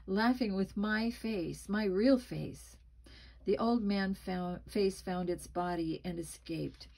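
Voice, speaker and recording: Woman, storybook reader, spooky children's book, expressive, dramatic, gravelly. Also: medium pitch, poor audio.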